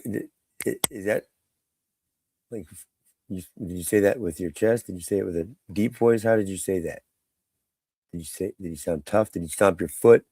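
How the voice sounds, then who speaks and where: A man with a very low, gravelly voice hosts a live stream in a casual, rambling way, teasing and calling out people in the chat. The sound is dry and close, with no room echo. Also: darkish tone. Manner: rambling, mocking, quick to call out chat. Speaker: livestream host.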